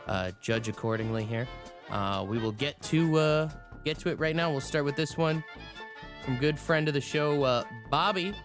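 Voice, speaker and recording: A man hosting a morning radio show, chatting casually and joking with callers. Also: mid-range voice. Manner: joking, laid-back banter.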